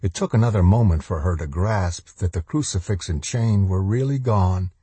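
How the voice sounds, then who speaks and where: A man narrating a horror novel in a measured, steady storytelling manner. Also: lowish voice, breathy edge, dry recording. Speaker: audiobook narrator.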